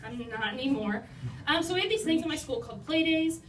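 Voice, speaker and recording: A woman's voice: high-pitched, lively intonation, fast. A young woman telling funny stories about her own life to a live audience, self-deprecating and chatty, full of "like" and "you know.". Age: young adult. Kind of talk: humorous personal storytelling. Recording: roomy, distant mic, noisy.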